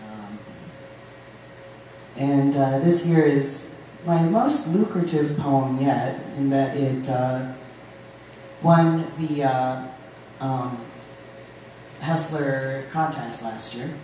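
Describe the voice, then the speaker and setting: A poet from Ohio reading poems aloud at a live open mic, with halting, filler-laden chat between poems. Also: mid-range voice, dark tone, slight background noise. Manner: reads poems, chats with fillers between them. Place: live venue room. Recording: very echoey room from a distance.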